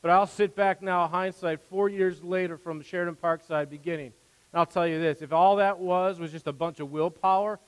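In a church sanctuary with long hall reverb, a pastor preaches from the pulpit in a high, smooth voice at a moderate pace. His intonation stays fairly even, yet he is earnest and conversational, building to rising emphasis and slipping in asides.

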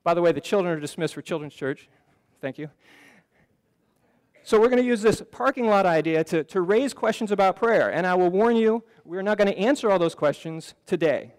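A man with a fairly high voice preaching earnestly to a congregation. He talks in a conversational way and often restarts his phrases. The sound rings with the long reverb of a church hall. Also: expressive, a little fast. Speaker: pastor. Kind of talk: sermon. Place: church sanctuary.

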